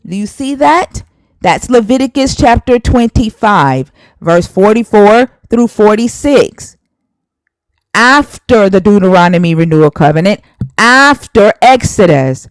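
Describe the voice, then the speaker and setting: A woman's voice: mid-range voice, lively intonation, measured pace, no room sound, low-quality recording. A woman hosting a live stream, arguing heatedly and scolding a viewer while citing scripture verses. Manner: emphatic, scolding, cites scripture.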